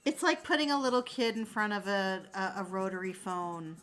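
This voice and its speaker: A woman in her forties chatting casually on a livestream, reading comments aloud with animated, sarcastic asides. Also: medium pitch, normal speed, soft background music. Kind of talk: casual chat.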